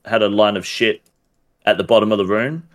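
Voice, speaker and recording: This podcast guest, an Australian game streamer, talks a little fast in a voice on the low side. Chatting casually on a gaming podcast, he's blunt, rants, and curses constantly.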